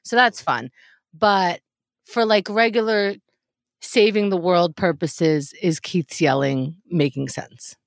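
A woman's voice: on the low side, slow pace, no echo, clean studio sound. A woman co-hosting a talk show, wry and rambling, stumbling over her words. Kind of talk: casual chat.

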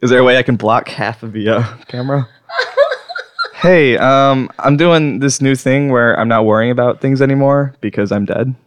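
A man's voice: medium pitch, moderate pace. A man hosting a comedy podcast, joking and laughing through bits. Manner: goofy, laughing, joke-telling. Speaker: podcast host.

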